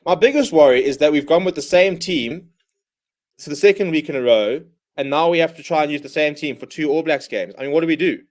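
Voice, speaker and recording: A man with a fairly high voice hosts a live rugby watchalong, ranting in exasperation at his own team. He calls the action in short, clipped bursts between complaints. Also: brisk. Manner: exasperated, ranting fan commentary. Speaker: watchalong host. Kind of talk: live match watchalong commentary.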